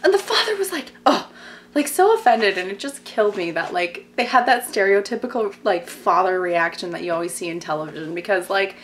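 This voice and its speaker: A woman's voice: medium pitch, animated, a little fast, a bit bright, slight background noise. A young woman in a casual TV recap vlog, chatty and gossipy, filling her talk with "like" and sarcastic asides. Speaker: vlogger.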